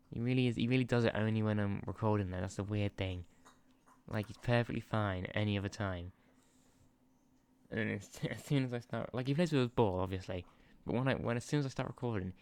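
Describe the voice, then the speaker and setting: A man's voice: on the low side, darkish tone, smooth. A man giving casual, chatty commentary over a football management game, easily distracted, laughing and swearing as he talks into a sensitive desk microphone. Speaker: gaming channel host.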